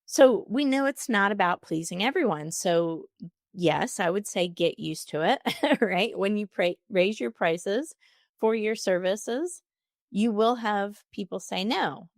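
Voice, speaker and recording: A woman's voice: mid-range voice, no echo, studio quality. A woman hosting a solo podcast, answering listener questions with upbeat, encouraging advice. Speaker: podcast host.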